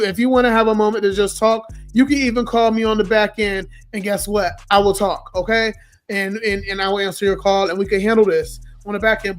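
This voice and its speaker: A man in his twenties with a hoarse, worn-out voice from a sore throat, telling a story in an animated, profane, ranting way. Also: high voice. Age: 20s. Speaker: social media host. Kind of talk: casual storytime rant.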